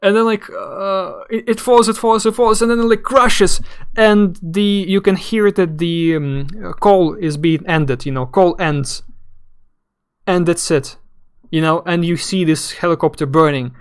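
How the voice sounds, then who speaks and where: Halting, word-searching man streamer. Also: high-pitched, smooth. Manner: rambling, halting, searching for words. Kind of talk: casual live game commentary.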